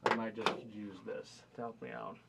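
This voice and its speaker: A man's voice: fairly low pitch, level tone, moderate pace, creaky, very noisy. A young man teaching a math class in a casual, conversational way, often checking in with "right?" and "okay?" between points. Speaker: math instructor. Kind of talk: recorded classroom lecture.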